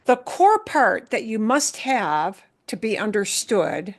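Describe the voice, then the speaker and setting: A woman's voice: medium pitch, big pitch swings. A woman teaching Spanish in an online class, who explains patiently and repeats her points. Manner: patient, explains slowly with repetition.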